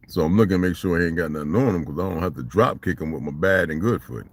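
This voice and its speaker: A man telling a story in a casual vlog monologue, animated and profane, in street slang. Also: low-pitched, quick pace, husky. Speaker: vlogger.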